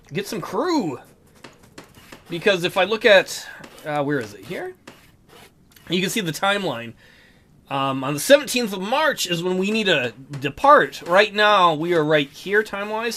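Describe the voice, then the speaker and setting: A man's voice: high-pitched, very animated, unhurried, bright, forceful tone. A man hosting a casual let's play, commenting on a game in a jokey, upbeat way.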